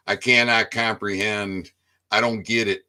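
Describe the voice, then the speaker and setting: A man with a lowish, level, sharp-toned voice speaks a little slowly to his viewers as an independent online commentator. His casual monologue rambles, he stammers over repeated words, and he swears freely.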